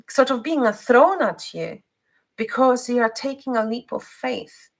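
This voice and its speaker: Woman, spiritual card reader, slow unhurried delivery, halting, lots of ums and restarts. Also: mid-range voice, a bit bright, low-quality recording. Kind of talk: live card reading.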